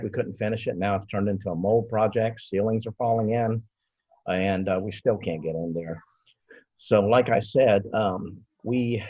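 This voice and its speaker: A man in his fifties pitching his restoration business in a confident, lecturing way. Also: a little mellow, no room sound. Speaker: cleaning and restoration business owner. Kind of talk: business pitch on a video call. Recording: dull, dry video call audio.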